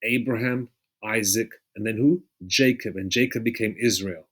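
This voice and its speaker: A man preaching in a loose, rambling way, often pausing to check in with his listeners and swearing freely. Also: on the low side, a bit bright, slightly rough. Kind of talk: casual street-style preaching with scripture readings.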